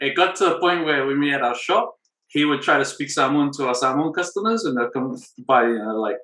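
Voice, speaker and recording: Man, podcast co-host, bright voice, echoey room, casual storytelling. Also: on the high side, expressive, normal speed. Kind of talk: casual chat.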